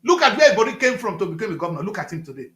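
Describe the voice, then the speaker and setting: Nigerian male commentator, bright animated delivery, echoey room, emphatic and heated. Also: sits high, racing. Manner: emphatic, repetitive, rising to loud outbursts. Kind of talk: impassioned talk-show commentary.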